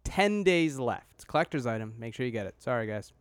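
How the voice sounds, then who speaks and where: A man in his thirties co-hosting a casual podcast, with a mid-pitched voice. He teases with a dry, mock-solemn delivery, and the recording has no room echo at all. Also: expressive, quick pace, clean tone. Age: 30s. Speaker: podcast co-host. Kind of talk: casual comedy chat.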